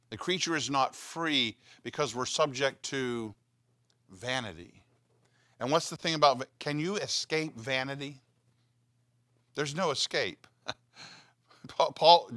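Man, pastor, conversational sermon, reads verses aloud, bright tone, dry sound. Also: medium pitch, expressive, takes it slowly, pauses often, no room sound. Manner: conversational teaching, reads scripture aloud, asks the listeners questions. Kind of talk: Bible teaching sermon.

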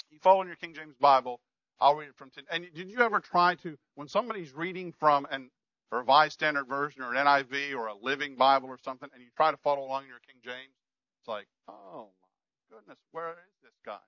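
A man's voice: fairly high pitch, fast, dry recording, highs cut off. A man preaching a sermon, emphatic and repeating his key phrases. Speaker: pastor.

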